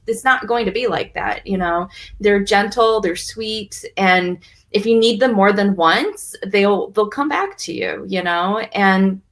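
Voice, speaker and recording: A woman in casual chat, talking in a gentle, reassuring and reflective way. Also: mid-range voice.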